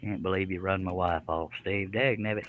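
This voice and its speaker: A man chatting on a live stream from his workshop, his voice bright and forceful and sitting a touch low. He jokes about himself and reads out viewer comments in a loose, easygoing way. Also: steady tone, fairly quick, a little hiss or hum, poor audio. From Texas. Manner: joking, self-mocking, reads viewer comments aloud. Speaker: woodworking live stream host. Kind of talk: casual live stream chat.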